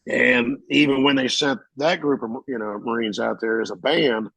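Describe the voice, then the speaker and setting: A middle-aged man, a veteran, telling his service stories casually and acting out the shouted lines of others. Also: mid-range voice, moderate pace, vocal fry, no room sound, poor audio. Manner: animated, acts out shouted quotes. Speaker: veteran interviewee. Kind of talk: casual storytelling.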